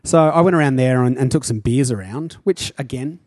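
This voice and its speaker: Husky Australian man with a country drawl. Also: mid-range voice, a little fast, darkish tone, no echo, studio quality. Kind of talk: casual chat.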